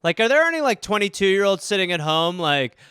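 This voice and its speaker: High, bright-voiced man riffing comedy. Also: very animated, brisk, clean tone, dry recording, studio quality. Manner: rambling, acts out voices in bits. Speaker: podcast host. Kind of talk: comedic solo monologue.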